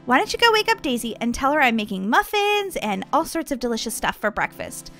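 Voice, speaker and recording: A woman's voice: on the high side, very animated, a little fast, few pauses, a bit bright, soft background music. A woman playing the mom in a family role-play game, patient and mildly scolding. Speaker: role-player voicing the mom.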